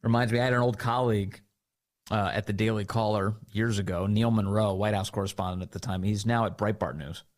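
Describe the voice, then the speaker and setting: A man hosting a talk radio show, giving animated, indignant commentary and acting out mocking quotes. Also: lowish voice, a little fast.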